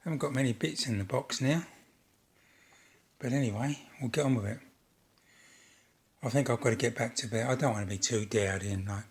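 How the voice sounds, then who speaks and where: A man's voice: mid-range voice, moderate pace, long pauses, a little hiss or hum. A man hosting a model railway channel, narrating his build in a rambling, casual way with jokey, self-deprecating asides.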